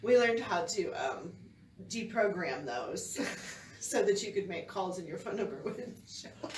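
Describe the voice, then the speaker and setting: A woman's voice: on the low side, lively intonation, a little slow. A middle-aged woman co-hosting a casual chat, chatty and laughing along. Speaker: co-host. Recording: roomy, distant mic, faint background noise.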